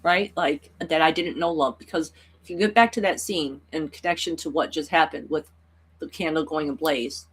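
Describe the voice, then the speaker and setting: A woman's voice: low-pitched, normal speed, husky. A woman tarot reader talking through a personal story in a rambling, earnest way, full of "like" and "you know.". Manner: earnest and emotional. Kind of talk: reflective personal vlog.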